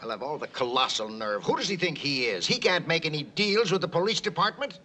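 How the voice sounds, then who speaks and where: A blustering city mayor. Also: male voice, fairly high pitch, expressive, fairly quick, pushed and bright. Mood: indignant. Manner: pompous, blustering. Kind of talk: 1960s film acting.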